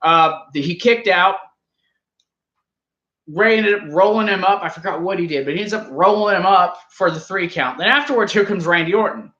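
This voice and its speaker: A man's voice: high voice, normal speed, sharp tone, echoey room, highs cut off. A man co-hosting a casual wrestling review show, talking loosely and swearing offhandedly. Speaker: podcast co-host.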